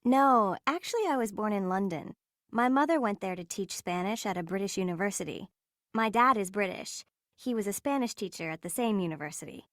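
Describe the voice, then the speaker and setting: A woman's voice: mid-range voice, expressive, a little fast, dry recording, studio quality, natural voice. A woman with an American accent playing a polite young university student in a scripted textbook dialogue. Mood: pleasant. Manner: polite, clear answers.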